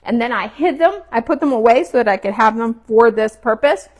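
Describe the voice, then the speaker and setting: A woman with a slightly high voice chats her way through a home cooking demo. She talks loosely and casually as she works, and sometimes she is chewing. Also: a little fast. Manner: chatty, relaxed, talks while cooking and chewing. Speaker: cooking vlogger. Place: home kitchen.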